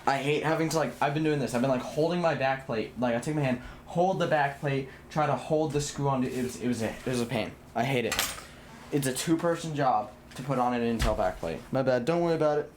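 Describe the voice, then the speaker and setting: A man's voice: mid-range voice, fast talker, slight background noise. Blunt, rambling young male streamer. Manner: rambling and blunt, swears, restarts sentences. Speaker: livestreamer. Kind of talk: casual live stream chat while building a PC.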